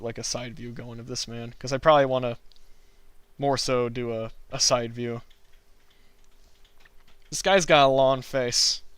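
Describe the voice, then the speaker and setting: Hosting a drawing livestream, a cartoonist chats casually with his viewers while he draws, laughing often. His mid-range voice has a fairly bright tone, and the recording is dry.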